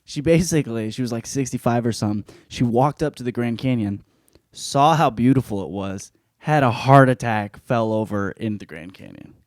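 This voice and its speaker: Casual podcast host, male, middle pitch, profane and joking, dry close sound. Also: lively intonation, moderate pace, no echo. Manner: profane, jokey, lots of swearing and laughing; jumps into loud high-pitched bits for effect. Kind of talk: casual book report monologue.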